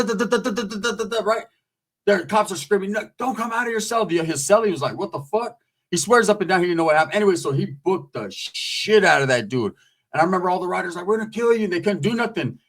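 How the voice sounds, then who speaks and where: A man casually telling a long story in streetwise, profane talk, acting out the quotes as he goes. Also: a little high. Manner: streetwise, profane, animated retelling with acted quotes. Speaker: storyteller recounting prison life.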